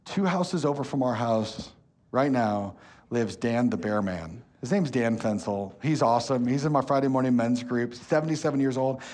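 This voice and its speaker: A man, preaching a sermon as pastor, telling stories with lively energy and turning soft and slow when earnest. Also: mid-range voice. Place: church hall.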